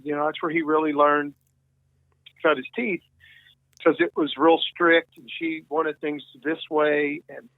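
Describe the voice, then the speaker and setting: A man's voice: a little high, no echo. Chatty man on a tinny phone line. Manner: rambling, many restarts and quoted dialogue. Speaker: guest musician. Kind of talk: casual storytelling interview.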